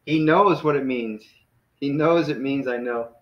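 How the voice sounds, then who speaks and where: A man leads a small class with an easygoing manner, stopping to correct himself and filling pauses with "um". His voice rings in a roomy space. The recording sounds dull and lo-fi. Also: medium pitch. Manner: relaxed, lots of fillers and self-corrections. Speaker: Greek teacher. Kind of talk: casual classroom teaching.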